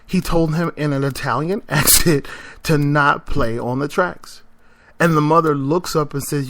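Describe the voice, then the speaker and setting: A man's voice: fairly high pitch, normal speed, pushed and bright, a little hiss or hum. A man hosting a podcast, telling a story in a casual monologue, emphatic and repeating himself as he makes his point. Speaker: podcast host.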